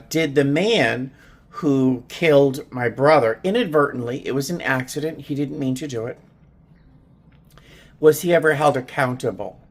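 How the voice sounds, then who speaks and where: A man's voice: medium pitch, fairly bright tone. A middle-aged man casually vlogging from a small home studio, rambling in a heartfelt way with many ums and restarts. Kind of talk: casual personal vlog.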